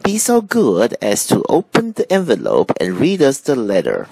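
A man voicing a tall, polite, gentle giraffe in a storybook reading, prim and courteous. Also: medium pitch, wildly swooping pitch, normal speed, creaky, breathy edge, dry recording, voice pushed up, exaggerated voice.

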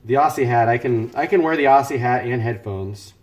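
A man's voice: medium pitch, a little fast, dull audio. A man cooking live in his home kitchen on a headset mic, joking and rambling as he chats with viewers. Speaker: live-streaming home cook. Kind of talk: casual live-stream chat.

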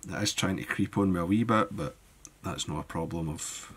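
A man giving a relaxed step-by-step fly-tying tutorial, thinking aloud as he works. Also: low voice, moderate pace, slightly rough.

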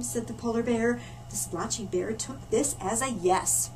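A woman storyteller reading a picture book aloud to children in a library, animated and stopping for asides to her listeners. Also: a little high, a little slow. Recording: distant mic with faint room noise.

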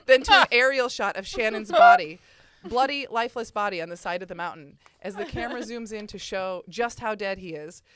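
A woman reading the stage directions of her own comedic script aloud in a deadpan way. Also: mid-range voice.

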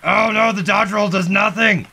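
A man gives goofy, sarcastic let's-play commentary, swearing and getting excited as he plays. His voice sits fairly high and sounds bright and forceful. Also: normal speed, gravelly, a little hiss or hum. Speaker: gaming video host.

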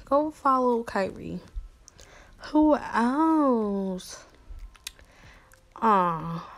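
A young woman YouTuber chatting casually and playfully to her fans, slangy and quick to laugh. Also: mid-range voice. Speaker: YouTuber replying to fan messages. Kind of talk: casual chat.

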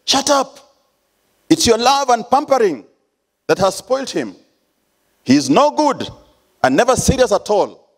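A furious father, shouting and indignant, as a Kenyan preacher puts him on. His voice jumps high and loud as he scolds. The delivery swings widely in pitch. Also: very animated, a little slow, pauses often, heavily acted. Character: angry shouting middle-aged father scolding his son.

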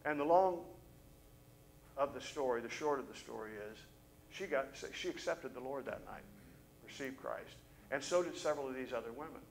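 A male pastor preaching a sermon, telling a story in an animated way and briefly acting out the voices of the people in it. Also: medium pitch, moderate pace, slight background noise, rough recording. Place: church service.

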